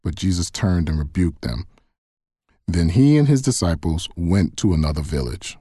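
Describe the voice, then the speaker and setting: A man reading a Bible passage aloud in a measured, even way. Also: sits low, slightly rough, no echo, clean studio sound. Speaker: Bible reader. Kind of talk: scripted scripture reading.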